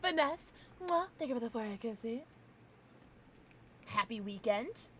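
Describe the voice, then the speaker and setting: A woman's voice: a little high, animated, a little slow, slight background noise. A young woman streaming a game, chatting casually with her viewers and reacting with frequent giggles. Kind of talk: casual gaming livestream chat.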